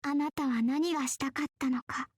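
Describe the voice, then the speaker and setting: A woman's voice: high voice, fairly even intonation, very fast, dry recording, studio quality, lightly acted. A woman voicing a small, aloof young girl in a visual novel game, cool, composed and a little teasing.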